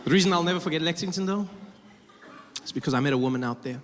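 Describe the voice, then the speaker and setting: A high-voiced man tells a story on a comedy stage, now and then slipping into other people's voices. His words ring out with a long reverb through the room. The noise of the crowd comes through clearly behind him. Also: quick pace. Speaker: stand-up comedian. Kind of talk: stand-up comedy. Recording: roomy live stage reverb with audience noise.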